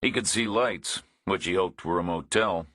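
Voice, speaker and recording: A man narrating a thriller audiobook in a measured, understated reading. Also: low-pitched, fairly bright tone, slightly rough, no echo, clean studio sound.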